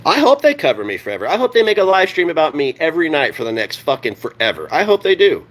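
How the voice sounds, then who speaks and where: A man's voice: on the high side, big pitch swings, fast talker, a bit bright. A man ranting on a live stream, heated and sarcastic, swearing constantly and answering his chat. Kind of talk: profane live-stream rant.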